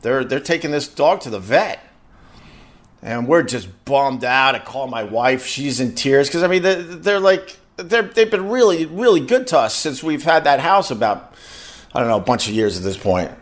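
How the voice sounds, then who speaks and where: Man, middle-aged, podcast host, casual storytelling, rambling, repeats words, average pitch. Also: animated, moderate pace.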